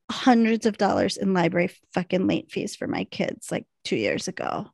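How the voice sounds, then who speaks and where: A woman's voice: mid-range voice, moderate pace, vocal fry, husky, no echo, clean studio sound. A middle-aged woman chatting casually as a podcast co-host, retelling scenes with acted-out lines. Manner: animated retelling, acts out lines. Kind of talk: casual chat recapping a TV episode.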